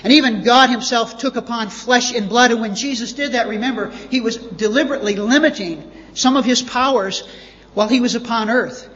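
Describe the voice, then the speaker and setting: A man's voice: extremely high pitch, a little fast, a bit bright. A man preaching a sermon as pastor, emphatic and repeating words for stress. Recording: dull lo-fi audio with long reverb.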